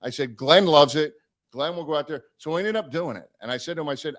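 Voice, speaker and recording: A man casually telling a long road story on a live stream, animated and swearing, acting out the people he quotes. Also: on the high side, fast.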